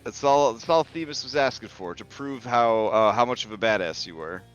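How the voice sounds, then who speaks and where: A man in the game master's seat, chatting through the story with easy fillers and laughter in a mid-range voice. The sound is a bit dull and lo-fi, with music playing softly underneath. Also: medium pitch, normal speed. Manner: casual, laughing, filler-heavy narration. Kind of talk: narrating a tabletop game. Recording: slightly dull lo-fi audio. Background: faint background music.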